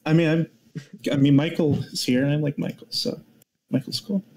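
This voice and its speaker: Man on a stream call, flustered and defensive; slightly high voice. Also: steady tone, fairly quick, a little mellow. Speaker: stream caller. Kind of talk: casual stream banter.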